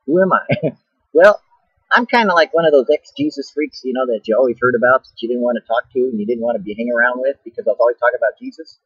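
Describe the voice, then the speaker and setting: A man's voice: mid-range voice, quick pace, a bit bright, breathy edge, dry recording, lo-fi sound. A middle-aged man with a joking, playful manner, preaching casually in a vlog from a rest stop and laughing often. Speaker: Christian video blogger.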